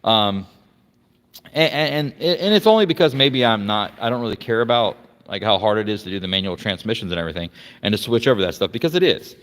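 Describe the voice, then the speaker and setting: A man's voice: lowish voice, lively intonation, quick pace, fairly bright tone, long reverb tail. A man from Florida casually chatting through a garage walkaround, rambling with lots of fillers and restarts. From Florida, United States. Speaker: vlogger showing his car collection. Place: garage workshop.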